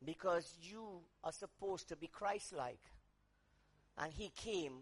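A man preaching a sermon, dropping to quiet asides, rising to shouted emphasis, and acting out quoted voices. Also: high-pitched, slow pace, husky.

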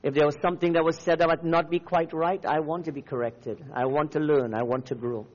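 A man's voice: a little high, fairly even intonation, fairly quick, a little mellow, big-room sound, dull audio. A man from Namibia preaching a fiery, declamatory sermon as a visiting preacher. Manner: fiery, declamatory, rising and falling.

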